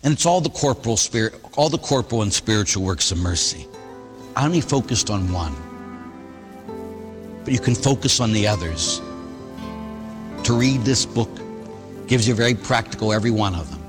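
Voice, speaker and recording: A man, a priest, giving a sermon and telling stories in an animated way, acting out the people he quotes. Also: lowish voice, normal speed, pauses often, long reverb tail, music in the background. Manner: animated storytelling, voicing others in quotes.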